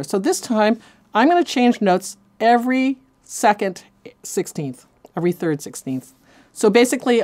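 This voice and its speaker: A woman with a mid-range, slightly mellow voice teaches a cello lesson, counting beats aloud and encouraging her students. Faint cello music plays behind her instruction.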